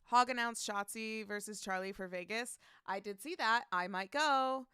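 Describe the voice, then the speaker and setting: A woman's voice: fairly high pitch, moderate pace, sharp tone, smooth, dry recording, clean studio sound. A woman streaming live, chatting casually, reading out chat messages and greeting viewers by name, laughing often.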